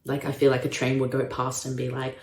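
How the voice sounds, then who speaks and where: A young Australian woman doing a stand-up comedy set, self-mocking with deadpan asides. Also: extremely low pitch, fairly quick, reverberant, a little hiss or hum. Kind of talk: stand-up comedy set, live-streamed from home.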